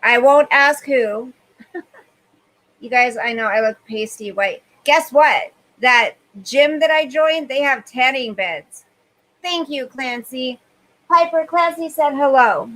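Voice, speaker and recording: Slow-talking high-voiced woman streamer. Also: fairly bright tone, rough recording. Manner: chatty, reads viewer comments aloud and answers them. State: overheated and sweaty. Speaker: livestream host. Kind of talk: casual live-stream chat.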